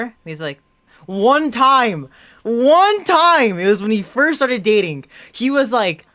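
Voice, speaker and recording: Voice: medium pitch, very animated, measured pace, fairly bright tone. A young adult podcast co-host telling a story in casual chat, rambling and full of "like" and restarts. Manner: rambling, heavy use of "like" and restarts.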